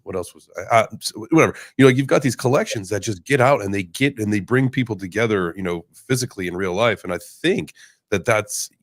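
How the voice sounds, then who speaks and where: A man's voice: on the low side, a little fast, no echo, studio quality. A man hosting a podcast, talking loosely with lots of fillers and the odd swear word. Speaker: podcast host. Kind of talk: casual podcast conversation.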